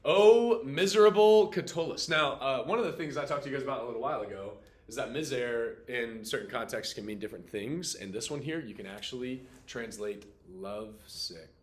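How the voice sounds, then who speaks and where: A male Latin teacher with a bright, forceful voice leads his class through a reading. He quizzes students and tosses in playful asides. The sound bounces around an echoey classroom. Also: medium pitch, fairly quick, few pauses.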